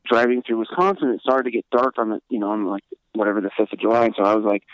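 A man's voice: medium pitch, racing, clean tone, dry recording, muffled recording. Rambling, profane male podcast guest. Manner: rambling, profane, many fillers like "like". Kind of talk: casual storytelling.

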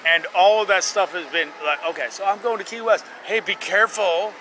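A man in loud, rambling, crude street chat as a guest on an outdoor podcast. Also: sits high, brisk. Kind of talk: rowdy casual street chat. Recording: street noise behind.

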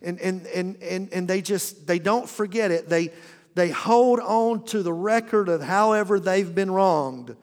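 High-voiced male pastor preaching in a hall. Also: unhurried, a little mellow. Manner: folksy, humorous preaching with repeated restarts. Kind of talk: sermon. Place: church auditorium. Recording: long reverb of a church hall.

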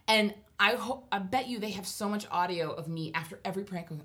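A woman's voice: mid-range voice, lively intonation, brisk, few pauses, fairly bright tone. Rambling woman telling a story. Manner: rambling, self-deprecating, laughs while telling. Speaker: podcast guest storyteller. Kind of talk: casual chat storytelling.

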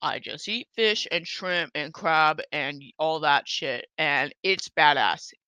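A woman voicing her teenage cousin, slow, drawling and swearing, in a casual podcast. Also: sits low, animated, bright, forceful tone, smooth, no room sound, full character voice. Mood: laid-back. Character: laid-back, profane teen girl cousin.

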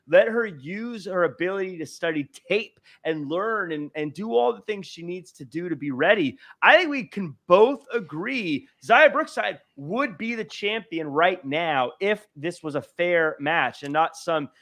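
A man's voice: fairly high pitch, unhurried, few pauses. A man co-hosting a podcast, arguing his point in casual chat and acting out quotes along the way. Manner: animated, argumentative, acts out quotes. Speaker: podcast co-host.

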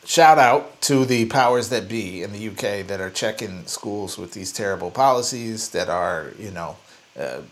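A man's voice: fairly low pitch, lively intonation, normal speed. A man co-hosting a podcast, chatting casually in a thoughtful, hedging way with lots of fillers. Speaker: podcast co-host.

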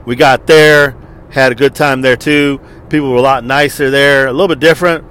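A man's voice: mid-range voice, steady tone, brisk, fairly bright tone, clean tone. A man in his forties and army veteran telling a story in a casual, profane and exasperated rant.

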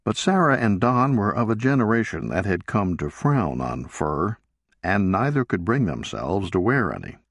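A man reading a novel aloud as narrator, in a slow, measured way. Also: fairly low pitch, sing-song, fairly bright tone, dry recording, studio quality. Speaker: audiobook narrator. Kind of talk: scripted narration.

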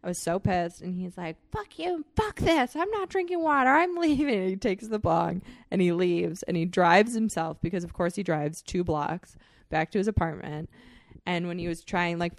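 A woman's voice: lowish voice, moderate pace, no echo, studio quality. Profane, laughing young woman telling stories. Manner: profane, animated storyteller, laughs often. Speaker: podcast co-host. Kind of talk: casual chat, storytelling.

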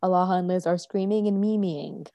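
A woman's voice: on the low side, fairly quick, dark tone, dry recording, dull audio. A woman co-hosting a podcast in casual chat, giggly and playful, laughing often. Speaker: podcast co-host.

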